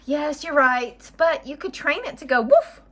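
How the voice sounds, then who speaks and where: A woman voicing a shifty male pet seller in a picture book, pitching odd animals persuasively. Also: a little slow. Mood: salesy. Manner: persuasive, salesy.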